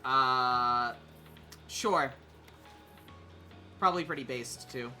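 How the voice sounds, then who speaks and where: Streamer chatting while gaming, super bright tense tone, lots of uhs, hums little tunes, faint music behind. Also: mid-range voice, very slow. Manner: hesitant, many fillers and restarts. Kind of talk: casual gaming stream chat.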